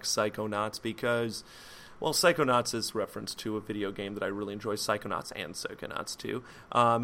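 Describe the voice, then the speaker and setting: A man's voice: on the low side, pushed and bright. A man hosting a solo podcast, explaining a psychology topic in a loose, rambling way with many fillers, self-corrections and jokey asides. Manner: jokey asides, mock French accent on foreign words. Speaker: podcast host. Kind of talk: casual solo podcast lecture.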